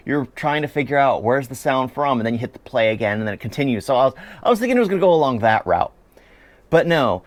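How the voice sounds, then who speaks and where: A man's voice: mid-range voice, dry recording. A man giving a chatty, opinionated spoken review of a series, often laughing as he talks.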